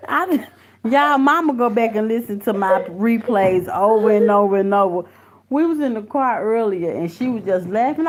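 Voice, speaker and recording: Woman on a live stream, mid pitch, cussing a lot, calls everybody honey and baby, just chatting to the comments. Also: animated, moderate pace, a little hiss or hum. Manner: blunt and profane, calling viewers honey and baby. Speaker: livestream host reading viewer comments. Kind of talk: casual live-stream chat. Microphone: phone or computer mic.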